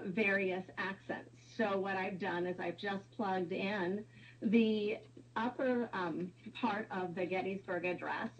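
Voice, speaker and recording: A woman's voice: medium pitch, darkish tone, breathy edge, lo-fi sound. A woman presenting a webinar, explaining step by step with some fillers.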